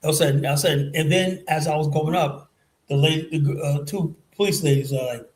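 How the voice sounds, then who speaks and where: A middle-aged man rambles through a story on a casual live stream. He swears often and keeps dropping "you know" between his phrases. His voice sits a little high for a man. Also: a little fast, low-quality recording. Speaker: show regular telling a travel story.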